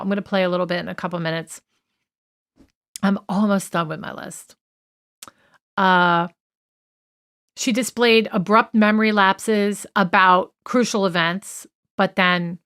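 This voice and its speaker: A woman's voice: lowish voice, a bit bright. A woman co-hosting a true crime podcast, talking through a list in a chatty, opinionated way with many fillers and asides. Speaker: podcast co-host.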